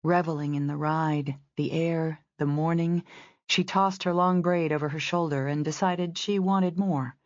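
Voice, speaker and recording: A woman narrating a romance novel as an audiobook in a steady, descriptive reading. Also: low voice, a little slow, dry recording, highs cut off.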